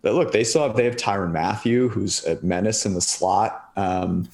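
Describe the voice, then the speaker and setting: A man co-hosting a podcast in relaxed casual chat, asking his partner questions. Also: fairly low pitch, normal speed. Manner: relaxed, conversational, asks questions. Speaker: podcast co-host.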